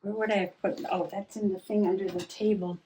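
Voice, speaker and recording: A woman hosting a relaxed, chatty journaling vlog at her craft table, musing aloud with soft laughs. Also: mid-range voice, a little fast, a little hiss or hum. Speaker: journaling vlogger. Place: home craft table indoors. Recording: voice a little distant from mic.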